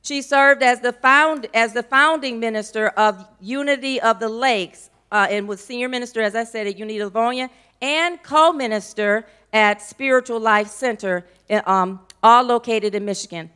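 A woman's voice: a little high, normal speed, pushed and bright, clean tone. A woman minister with an American accent introducing a guest speaker in church, emotional and informal with playful asides.

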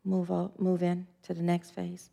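A woman's voice: fairly low pitch, completely flat delivery, unhurried, gravelly, dark tone. A woman minister giving a spiritual sermon, earnest and leading the group in spoken affirmations.

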